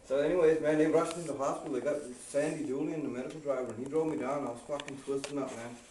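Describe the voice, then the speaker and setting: A man's voice: a little high, fairly even intonation, fast, darkish tone. A man telling a personal story in a casual, rambling way, swearing often and dropping "man" into nearly every line. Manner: profane, rambling, fills lines with "man". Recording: echoey room, distant from the mic, faint hiss.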